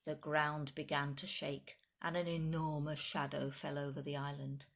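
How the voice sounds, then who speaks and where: A woman reading a children's picture book aloud in animated storytime narration, with chatty asides to the children listening. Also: low-pitched, normal speed.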